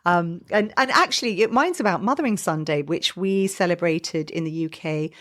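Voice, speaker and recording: A woman's voice: fairly low pitch, animated, moderate pace, a bit bright. A woman in her forties co-hosting a parenting podcast in a chatty, encouraging way, often restarting her sentences. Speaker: podcast co-host. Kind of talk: casual conversational podcast chat.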